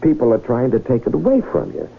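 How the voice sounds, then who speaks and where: An actor playing a theatrical, smooth-talking con man in a 1970s radio drama, wheedling and teasing. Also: medium pitch, big pitch swings, quick pace, heavily acted. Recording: tinny old radio broadcast.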